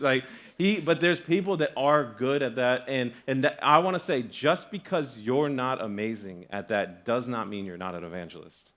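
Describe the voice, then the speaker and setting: A man's voice: medium pitch, normal speed. Young guy preaching at church, chatty, keeps restarting, does voices in his stories. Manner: animated storytelling, acts out quoted voices; conversational, frequent restarts and "like". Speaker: guest pastor. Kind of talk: sermon. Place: church sanctuary.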